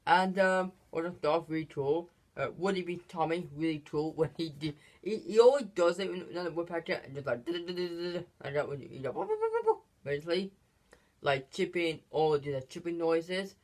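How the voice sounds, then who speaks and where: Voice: medium pitch, normal speed, darkish tone. A channel host giving a casual, unscripted movie review, rambling with lots of fillers and restarts and giggling often between phrases.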